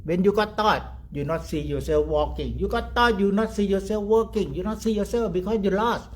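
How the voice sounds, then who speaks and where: A man leading a guided meditation talk in simple broken English, pausing often and asking "okay?". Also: high-pitched. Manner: repeats short words softly, trailing off quieter. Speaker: meditation teacher.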